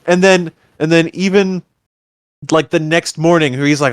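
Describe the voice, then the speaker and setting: A man with a fairly high voice recaps a movie for his co-host, jumping in and out of the characters' lines with plenty of energy. The sound is dry and close to the mic. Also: normal speed, smooth, dry recording. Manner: animated retelling, acts out characters' lines. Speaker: podcast co-host. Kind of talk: casual movie review chat.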